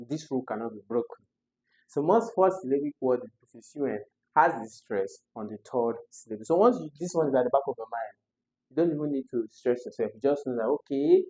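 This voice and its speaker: A man's voice: mid-range voice, dark tone, low-quality recording. A man, tutoring students through English exam questions step by step and repeating the key words.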